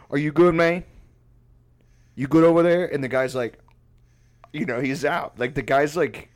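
Man, mid-pitched, casual storyteller, profane, rambling, laughs a lot. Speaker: musician.

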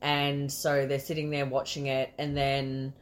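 A woman's voice: a bass voice, monotone, unhurried. A woman co-hosting a casual movie podcast, swearing freely and laughing often. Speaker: podcast co-host. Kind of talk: casual movie review chat.

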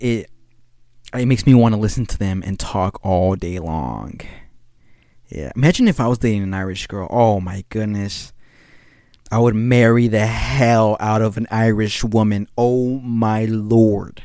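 Young male podcast host, lowish voice, loose slangy ramble, a bit tired, dry close sound. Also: darkish tone, dry recording. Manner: slang-heavy, rambling, laughs often. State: a little tired. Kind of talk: casual solo monologue.

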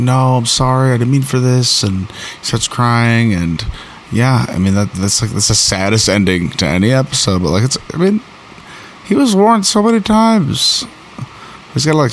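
A man hosting a show, recapping and reviewing an episode in a rambling, excitable way with many fillers and restarts. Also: lowish voice, slight background noise.

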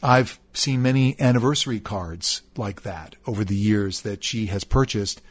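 A man's voice: on the low side, moderate pace. A middle-aged man reading a personal story aloud, then reflecting on his own marriage in an earnest, candid way with hesitant restarts. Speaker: narrator.

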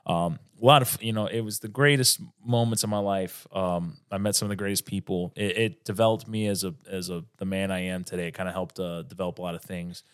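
Low-voiced man rambling casually. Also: steady tone, fairly quick, few pauses, clear, resonant tone. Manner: rambling, restarts often, swears freely. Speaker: podcast guest, comedian. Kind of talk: casual podcast chat.

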